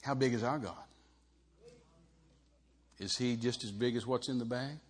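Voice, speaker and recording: Husky-voiced folksy preacher man. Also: mid-range voice, a little slow. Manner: folksy, acts out Bible characters with voices, swings loud and soft. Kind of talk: humorous storytelling sermon.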